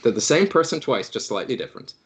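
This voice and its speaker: A man's voice: medium pitch, sing-song, fast, husky. Male game master, loose chatty narration, joking and stumbling over his words. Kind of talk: casual tabletop game narration.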